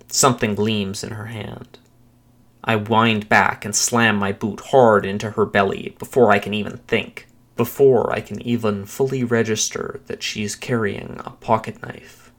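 A man narrating a first-person thriller story with a steady, measured dramatic reading. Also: lowish voice.

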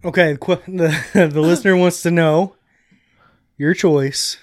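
A man's voice: on the high side, fairly even intonation, measured pace, darkish tone, no room sound, studio quality. A man co-hosting a podcast, reading out listener questions and joking around in casual banter. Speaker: podcast co-host.

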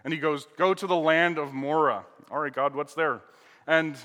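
Bright-voiced male preacher in a reverberant hall. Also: a little high, steady tone, moderate pace. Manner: dramatic, emphatic, full of rhetorical questions. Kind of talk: sermon with scripture reading. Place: church hall with an audience.

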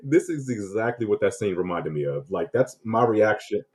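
Male podcast guest, very low and mellow, relaxed chatter with chuckles. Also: moderate pace. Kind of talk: casual chat.

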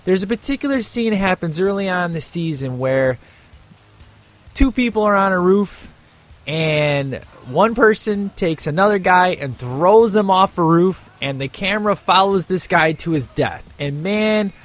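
A man from the United States hosting a podcast, reviewing a TV show in a casual, emphatic way that turns into an animated rant. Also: sits high, a little slow, soft background music. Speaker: podcast host.

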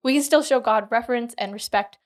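A woman's voice: fairly high pitch, fast talker. Giggly woman co-hosting a podcast. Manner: giggly, rambling with many fillers. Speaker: podcast co-host. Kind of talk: casual chat.

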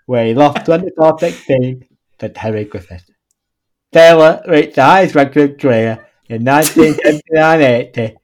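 A man reading aloud in a low, murmured put-on voice, slow and quiet. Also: lightly acted.

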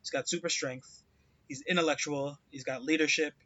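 Excitable dude on a podcast, highish bright voice, dry muffled mic. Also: male voice, moderate pace, no room sound. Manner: excitable, lots of "like" fillers. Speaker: podcast co-host. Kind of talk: casual chat.

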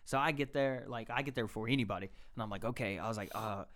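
A young man telling an animated, profane story on a casual podcast and acting out the voices of the people in it. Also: lowish voice, fast talker.

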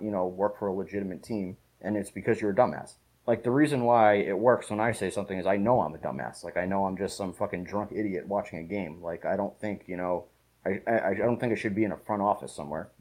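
A man telling stories in a casual podcast chat, swearing freely and talking rapidly. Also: on the low side, a little mellow, husky, low-quality recording. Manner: rapid, profane storytelling. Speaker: podcast co-host.

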